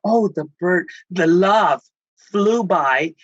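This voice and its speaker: Speaking slowly in a high voice, a middle-aged spiritual healer and life coach from Texas recounts personal stories with feeling during a conversation, mixing in Spanish endearments. The sound is lo-fi, with no echo.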